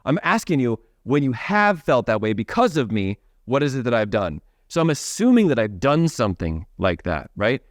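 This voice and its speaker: Animated man coaching in a dry room. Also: medium pitch, normal speed, hardly any pauses, no room sound. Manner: animated, conversational, frequent "right?" tag questions. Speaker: leadership coach. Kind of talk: live coaching workshop.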